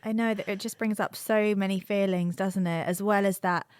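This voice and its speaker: A woman's voice: mid-range voice, fairly even intonation, moderate pace, a little mellow, clear, resonant tone, no echo, studio quality. Woman podcast co-host with a London accent. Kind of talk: casual chat.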